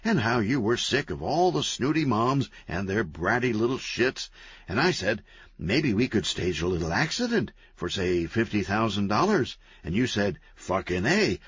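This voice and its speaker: A man's voice: lowish voice, a bit bright, slightly rough, no room sound, full character voice. A man voicing a manic, chatty, cheerful antihero man who talks gleefully and wheedles. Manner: gleeful, fast-talking, wheedling. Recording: dull, lo-fi, dry.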